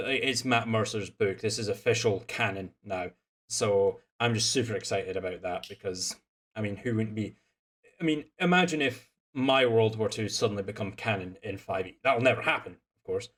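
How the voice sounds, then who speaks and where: A man's voice: on the low side, moderate pace, a bit bright. A young Scottish man from Scotland, chatting casually as game master and stream host, rambling with lots of fillers and restarts. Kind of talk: casual chat after a tabletop game stream.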